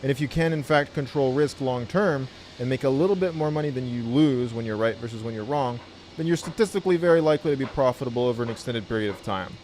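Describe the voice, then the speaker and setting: Laid-back male trading tutor, blunt and profane, mid-pitched voice. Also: fast talker, darkish tone, slight background noise. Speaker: trading educator. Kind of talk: casual video tutorial.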